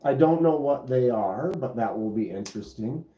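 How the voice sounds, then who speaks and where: A man with a dark, expressive, mid-range voice talks at normal speed while hosting a casual live stream about knives. He rambles easily and laid-back, full of fillers. The phone-recorded audio is muffled and roomy.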